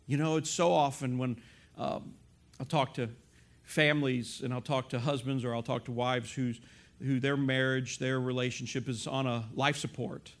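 A middle-aged male pastor preaching a sermon in an animated storytelling manner, acting out bits of dialogue. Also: mid-range voice, moderate pace.

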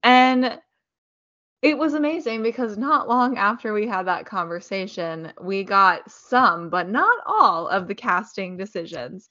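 Bright-voiced woman co-hosting a podcast. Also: mid-range voice, expressive, a little slow, muffled recording. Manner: chatty, trails off and restarts. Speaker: podcast co-host. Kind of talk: casual chat.

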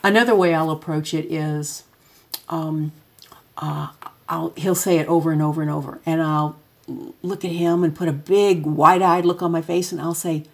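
A middle-aged woman with a deep, husky voice tells loose, chatty stories about parenting. She talks to an audience as she moves through photos, sometimes acting out her son's lines. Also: steady tone, normal speed. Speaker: parent giving a talk. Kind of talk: casual spoken talk with photos.

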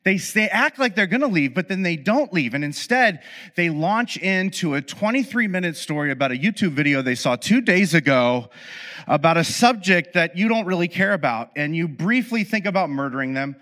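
A man's voice: high voice, expressive, normal speed, fairly bright tone. A man explaining relationship patterns in a casual monologue, speaking to the listener as "you" and acting out both sides of everyday arguments. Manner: conversational, addresses listener as "you", acts out both sides of dialogues; frequent fillers and restarts, self-mocking asides. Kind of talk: explanatory monologue with acted scenarios. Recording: reverberant room.

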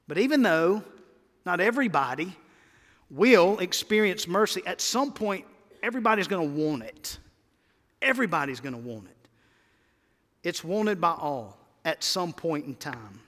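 A man preaching in a church sanctuary, his voice high and bright. He leans hard on key words and keeps prompting the congregation to answer back. A long hall reverb trails every phrase. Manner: emphatic, calls for congregation responses. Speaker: pastor. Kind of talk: sermon.

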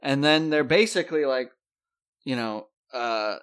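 A man co-hosting a casual podcast, retelling TV scenes with lively acted-out quotes. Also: medium pitch, measured pace, smooth. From New York. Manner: animated, acts out characters' lines. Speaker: podcast co-host. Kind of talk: casual chat recapping a TV show.

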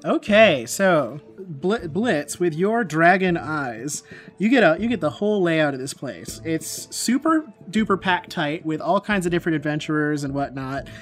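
A man with a slightly high voice runs a tabletop game as game master, describing scenes at an easy pace. He fills his sentences with small pauses and fillers. Faint music plays behind. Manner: relaxed, descriptive, with many fillers.

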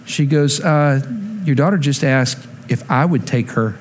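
A man in his forties, a pastor preaching a sermon, telling a personal story with animated quoted lines and dropping soft for reflection. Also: mid-range voice, unhurried, slight background noise.

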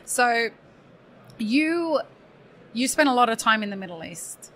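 Woman podcast host, fairly high voice. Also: animated, a little slow, fairly bright tone. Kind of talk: live podcast interview. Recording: faint ambience at a live expo.

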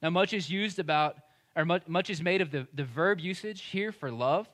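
A man's voice: fairly high pitch, moderate pace, fairly bright tone. A man, preaching a sermon as pastor in a conversational, emphatic way. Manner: conversational and emphatic, acting out quoted speech.

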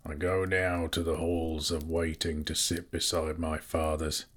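A man's voice: level tone, unhurried, heavily acted. A man voicing a dying male dwarf king who speaks a weak, solemn farewell. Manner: low, hushed, solemn.

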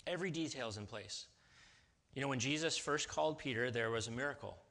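A man pastor giving a sermon in a lively, conversational way, often checking in with his listeners. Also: mid-range voice, a little fast.

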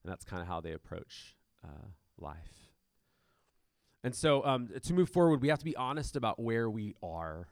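A man's voice: mid-range voice, big pitch swings, normal speed, dry recording, studio quality. A man preaching a conversational sermon as pastor of a church, with many fillers and restarts.

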